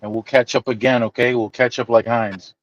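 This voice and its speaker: A man's voice: mid-range voice, flat delivery, fairly quick. A man hosting a live stream chat, signing off with playful catchphrases. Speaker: host. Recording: dull lo-fi stream audio.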